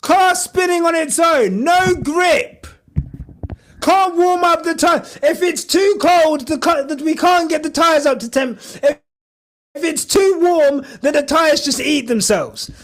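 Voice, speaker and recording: A man hosting a podcast, giving excitable, shouty live reaction commentary and swearing a lot. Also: very high-pitched, unhurried. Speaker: podcast host.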